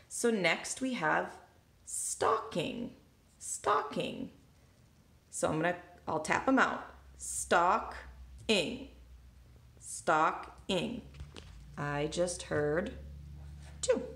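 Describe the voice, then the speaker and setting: Slow, patient woman teaching in an echoey room. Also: fairly low pitch, animated, creaky. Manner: patient, thinks aloud step by step. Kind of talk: recorded classroom lesson walkthrough. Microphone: handheld recording device.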